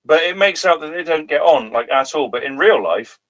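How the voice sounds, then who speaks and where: A man's voice: fairly high pitch, lively intonation, fairly quick, fairly bright tone. A man co-hosting a comedy show, bantering casually with hesitant ums. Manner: hesitant, full of ums, laughs easily.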